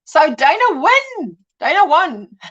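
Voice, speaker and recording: A woman hosts a relaxed livestream, chatting freely and reading out viewer comments. Her voice sits high and swoops animatedly up and down. She laughs easily between thoughts. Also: takes it slowly, highs cut off. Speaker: livestream host. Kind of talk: casual livestream chat.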